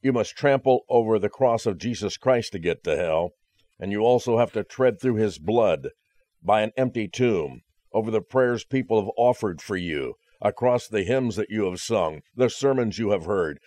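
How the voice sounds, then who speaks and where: A man's voice: fairly low pitch, expressive, normal speed, a little mellow, dry recording. A man preaching a conversational sermon, earnest and direct, with dry jokes at the close. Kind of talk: radio sermon.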